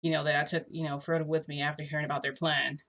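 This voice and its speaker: Woman, vlogger, low-ish voice, casual storytelling, rambling, lots of "like". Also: little pitch movement, quick pace, a bit bright. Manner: rambling, full of "like" and "you know".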